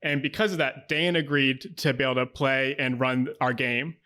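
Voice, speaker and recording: A man's voice: medium pitch, steady tone, moderate pace, sharp tone. A young man introducing a game podcast in an easygoing, friendly way. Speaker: podcast host.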